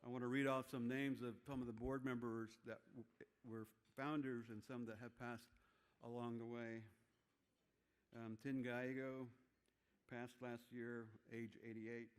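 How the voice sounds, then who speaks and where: A man's voice: medium pitch, flat delivery, measured pace, clean tone. Older man giving a rambling banquet speech. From Navajo Nation, Arizona. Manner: rambling, joking, self-deprecating. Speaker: awards presenter. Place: banquet hall. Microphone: handheld mic.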